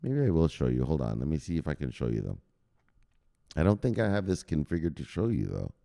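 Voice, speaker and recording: A man hosting a crypto news show as a casual livestream, hyped and profane, shouting out viewers. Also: rumbling low, sing-song, brisk, vocal fry. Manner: talks straight to viewers, gives shout-outs. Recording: echoey room with long reverb.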